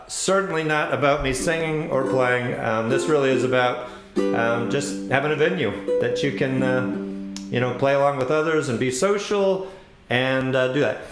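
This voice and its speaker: A man hosting an online ukulele play-along, chatting casually and self-deprecatingly with viewers between songs. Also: fairly high pitch. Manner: relaxed, self-deprecating, chuckles often. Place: home room with ukulele. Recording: roomy echo with loud ukulele. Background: ukulele playing.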